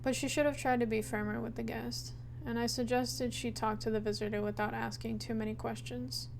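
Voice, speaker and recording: Jumpy woman streamer with a high voice, reading game lines aloud between nervous laughs. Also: steady tone, fairly quick, gravelly, slight background noise. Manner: reads on-screen game text aloud, breaking into nervous laughter. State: anxious and jumpy. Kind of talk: horror game let's play. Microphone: headphones with mic.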